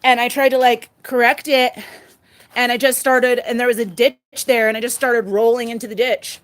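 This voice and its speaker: In a flat delivery at a moderate pace, a woman with a higher voice rambles casually while showing her garden and pet pig. She holds her phone as she films outdoors, laughing frequently.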